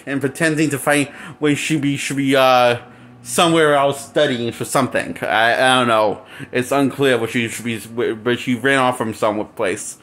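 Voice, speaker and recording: A man rants through a film review with crude insults and a mocking tone. His pitch sits at a middle level, and he laughs at his own jokes. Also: fairly bright tone. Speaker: movie reviewer. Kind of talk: casual ranting review.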